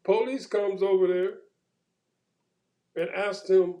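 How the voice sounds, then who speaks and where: A man in casual conversation, retelling a run-in with police in an animated way and acting out the quoted exchanges. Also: high voice, slow pace, rough recording.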